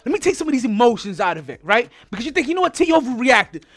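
A man's voice: extremely high pitch, very animated, quick pace, a bit bright, soft background music. Heated, cursing sports podcast man. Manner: profane, heated, repeats words when riled. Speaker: podcast host. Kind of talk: sports rant.

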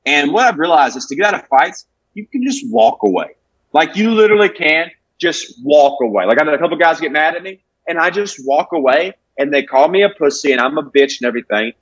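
A young man with a drawl spins a crude, lively comedy story, his voice a touch husky and sitting slightly high. The sound is close and dry, with no room around it. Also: fairly quick, no room sound, lo-fi sound. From Alabama, USA. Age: 20s. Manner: animated, profane storytelling with acted-out quotes. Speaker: comedian guest. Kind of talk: casual podcast chat.

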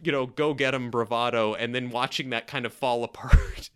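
A man chatting casually as a podcast co-host, recapping a sitcom with animated acting-out of lines and frequent restarts. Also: normal speed, clean tone. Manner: animated, acts out quoted lines with big pitch jumps; frequent restarts and repeated words.

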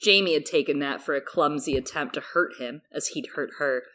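A woman co-hosting a podcast, summarizing a book chapter and reading passages aloud in a relaxed way. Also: low-pitched, moderate pace. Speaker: podcast co-host.

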